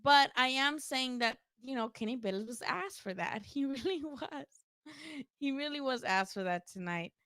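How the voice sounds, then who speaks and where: A woman's voice: high-pitched, animated, normal speed, sharp tone, smooth, no echo. Woman, livestream host, casual boxing talk, blunt, profane, dry close mic. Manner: blunt, profane, talks back to chat. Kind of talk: casual post-fight livestream commentary.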